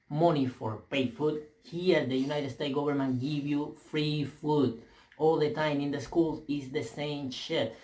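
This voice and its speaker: A young male vlogger with a Spanish accent delivers a heated rant straight into a camera mic, plainly not a native English speaker. His voice sits fairly high with a darkish tone, and he's profane and emphatic, stumbling into restarts as he drives his point home.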